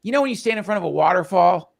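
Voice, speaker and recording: A man telling a personal story in casual conversation, halting and emotional, with many restarts and fillers. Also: sits high, lively intonation, gravelly. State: tearful.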